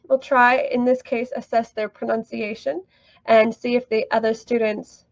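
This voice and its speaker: A woman's voice: high voice, vocal fry, no echo, dull audio. A woman teaching an online English lesson, upbeat and encouraging, praising students often.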